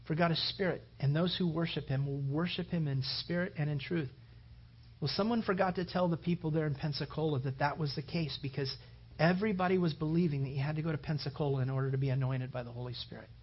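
Man, pastor, sermon, high voice, emphatic preaching, muffled lo-fi recording. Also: quick pace, slightly rough. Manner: builds to loud, emphatic preaching.

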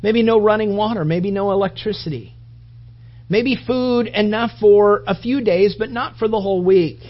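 A man's voice: sits high, moderate pace, highs cut off. A man preaching a sermon in a conversational, rambling way, often restarting his sentences.

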